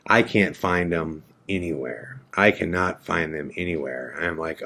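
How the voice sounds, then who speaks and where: Low-voiced man telling a true story. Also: unhurried, hardly any pauses. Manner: animated retelling, acts out both sides of dialogue. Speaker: podcast host. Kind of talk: casual first-person storytelling.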